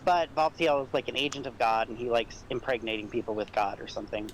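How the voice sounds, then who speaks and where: A man's voice: medium pitch, fairly even intonation, quick pace, a little hiss or hum, low-quality recording. A man chatting casually during a game stream, loose and easygoing with plenty of filler words. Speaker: podcast co-host.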